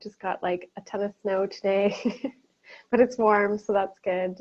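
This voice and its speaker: Even-toned woman, muffled call audio. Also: mid-range voice, a little slow. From Canada. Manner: friendly, slightly nervous. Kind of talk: video call check-in.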